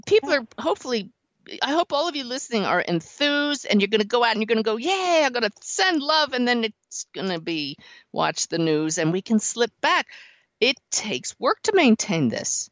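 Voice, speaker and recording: A woman hosting an interview show, expressive and quick to laugh. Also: a little high, no echo. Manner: expressive, laughs often, warmly enthusiastic. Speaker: podcast host. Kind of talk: interview conversation. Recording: slightly dull, dry sound.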